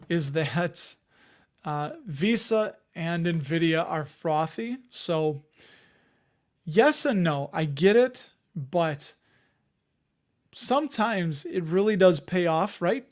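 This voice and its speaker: A man with a fairly high voice talks casually on a live stream. He rambles, restarts his sentences and answers comments from the chat as he goes. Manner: rambling, conversational, reads chat comments aloud. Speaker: host of a dividend investing live stream.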